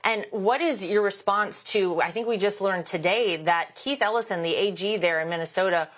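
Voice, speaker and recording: A woman's voice: mid-range voice, normal speed, fairly bright tone. A young adult woman hosting a news interview, asking long, conversational questions with some fillers. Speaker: talk show host.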